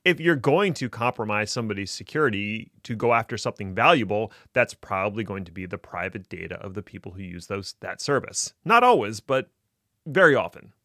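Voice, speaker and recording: A man's voice: on the low side, lively intonation, brisk, fairly bright tone, no room sound. A man co-hosting a podcast in a casual chat, adding dry, joking asides. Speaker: podcast co-host.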